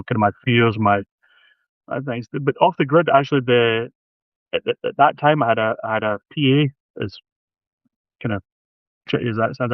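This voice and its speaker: A man's voice: mid-range voice, no echo. A man in his fifties, an author telling stories in a rambling, casual way, on a video call. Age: 50s. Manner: rambling, restarts a lot. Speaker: author guest. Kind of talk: casual storytelling. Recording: tinny phone-like line, dry.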